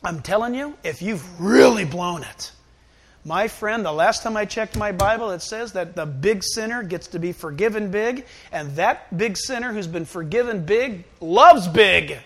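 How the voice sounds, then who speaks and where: A man preaching a sermon in an animated, emotional way. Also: high voice, unhurried.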